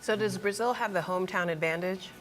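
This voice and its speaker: A woman's voice: lowish voice, fairly quick, rough recording. A woman co-hosting a studio interview who talks with her guest in a playful, teasing way. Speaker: co-host.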